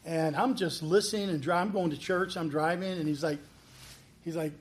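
Man, pastor, testimony storytelling, lively, slightly high voice, acts out dialogue. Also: moderate pace. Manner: animated, acts out quoted dialogue.

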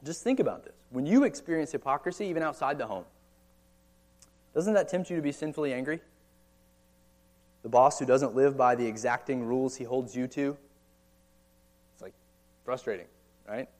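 A man's voice: medium pitch, lively intonation, moderate pace, pauses often, a little mellow. A man in his thirties with an American accent, preaching a sermon in a conversational way with frequent rhetorical questions and casual asides. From United States. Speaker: pastor. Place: church or meeting hall.

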